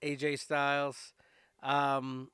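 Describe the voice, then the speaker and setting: A man's voice: mid-range voice, completely flat delivery, extremely slow, a bit bright, smooth, no room sound, studio quality. A man hosting a podcast, recapping wrestling shows in a loose, chatty way full of fillers and asides. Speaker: podcast host.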